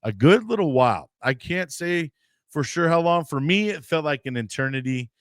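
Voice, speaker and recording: A man's voice: a little high, normal speed, dry recording, studio quality. Rambling American man telling a story. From United States. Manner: rambling, animated storyteller acting out quoted voices. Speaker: podcast host. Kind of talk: casual storytelling.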